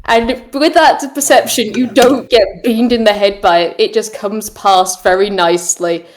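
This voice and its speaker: A woman who narrates as game master in a lively, descriptive and amused way. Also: mid-range voice, measured pace.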